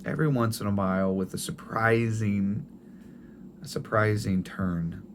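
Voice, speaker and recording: A middle-aged man preaching a sermon in a gentle, tender storytelling way, often restarting his phrases. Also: lowish voice, fairly even intonation, unhurried, a little hiss or hum. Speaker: pastor.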